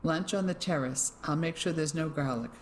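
Assured, gentle but firm woman, put on by an audiobook reader. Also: medium pitch, normal speed, slight background noise, natural voice. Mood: kindly.

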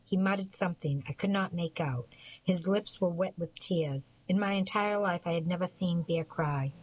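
A woman narrating an audiobook in a measured, even storytelling manner. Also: fairly low pitch, rough recording. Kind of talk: scripted narration.

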